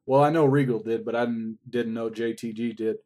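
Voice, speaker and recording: A man's voice: medium pitch, fairly even intonation, a little fast, a little mellow. A man recapping a wrestling show in a casual, rambling way, swearing often. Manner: profane, rambling play-by-play.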